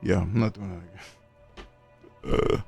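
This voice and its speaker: A man streaming himself playing a video game, making unhurried, self-mocking asides. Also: sits low, fairly even intonation, vocal fry, a little mellow, breathy edge, faint music behind. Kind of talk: live game stream commentary.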